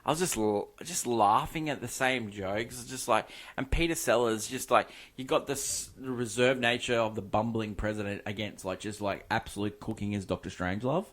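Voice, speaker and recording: A man's voice: lowish voice, normal speed, hardly any pauses, fairly bright tone. Rambling, enthusiastic man chatting about films. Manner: enthusiastic, rambling, many fillers. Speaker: podcast co-host. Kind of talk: casual film discussion.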